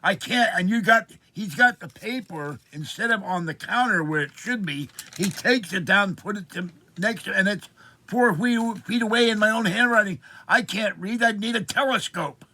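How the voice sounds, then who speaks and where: A man's voice: sits high, moderate pace, pushed and bright. A man in his seventies from Pittsburgh, telling an indignant, rambling story of complaint in a personal vlog. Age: 70s. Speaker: vlogger.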